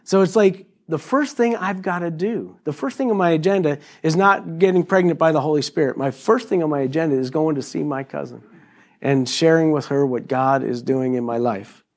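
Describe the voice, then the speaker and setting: A middle-aged man preaching a sermon to a congregation, animated and joking, acting out quotes in high voices. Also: normal speed. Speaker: pastor.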